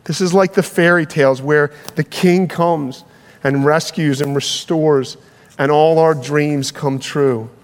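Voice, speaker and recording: A man preaching a sermon, earnest and emphatic, slowing down on key phrases, heard in a large hall. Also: a little high, fairly even intonation. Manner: earnest, building to emphatic peaks, slowing for weight. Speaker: pastor.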